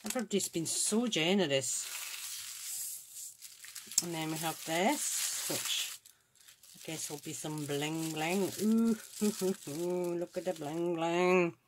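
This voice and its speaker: A woman's voice: lowish voice, takes it slowly, long pauses, a little hiss or hum. A Scottish woman hosting a crafts channel, chatting casually and gushing with admiration as she opens and looks over craft supplies. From Scotland. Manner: gushing, admiring, thinks aloud. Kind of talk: casual unboxing chat.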